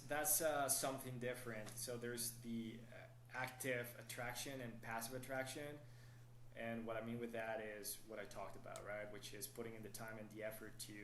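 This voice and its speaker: A man's voice: on the low side, a bit bright, roomy sound, a little hiss or hum, low-quality recording. A man who works as a dating coach, explaining his methods steadily in a podcast interview and often checking in with "right?".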